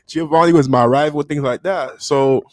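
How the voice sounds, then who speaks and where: A man telling a childhood story to his audience in a loose, animated way, laughing often and jumping into the voices of the people in it. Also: fairly high pitch, moderate pace, no echo, studio quality. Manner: loose and profane, addressing the audience directly. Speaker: storytime vlogger. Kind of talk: casual storytelling.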